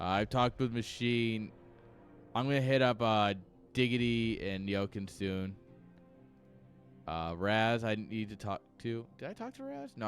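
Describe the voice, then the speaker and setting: A man's voice: fairly low pitch, smooth. A man chatting casually on his livestream from home, tipsy, loose and profane, rambling from one tangent to the next. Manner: loose, rambling and profane, laughs between thoughts. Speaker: stream caster.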